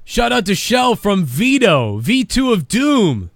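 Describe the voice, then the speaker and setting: A man's voice: high voice, wildly swooping pitch, slow pace, dry recording, clean studio sound. A man hosting a live podcast, swearing a lot and rambling casually, and losing his voice. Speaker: podcast host. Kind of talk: casual live-stream wrestling chat.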